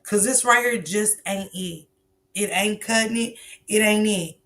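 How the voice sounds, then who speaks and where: Blunt, bright-voiced woman streamer. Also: mid-range voice, measured pace. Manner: blunt, preachy, swears freely. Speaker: livestream host. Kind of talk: casual commentary on viral clips.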